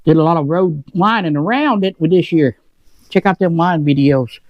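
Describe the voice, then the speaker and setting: A man's voice: a little high, normal speed, no echo, lo-fi sound. A man hosting a motorcycle vlog, chatting casually and rambling while he eats. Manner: rambling, talks with mouth full. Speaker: motovlog channel host. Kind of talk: casual chat while eating. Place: home shed.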